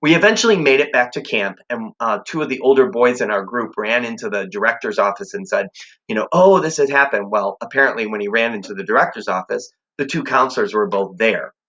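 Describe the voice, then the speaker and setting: A man's voice: on the low side, fairly quick, sharp tone, muffled recording. A man teaching a class, telling a suspenseful personal story in a conversational way.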